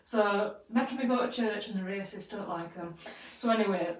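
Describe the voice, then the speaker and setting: A woman co-hosting a podcast, telling a story in a casual, animated way and swearing freely. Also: medium pitch, moderate pace, recorded from a distance. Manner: animated, swears freely, acts out quoted voices. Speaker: podcast co-host. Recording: roomy sound, away from the mic.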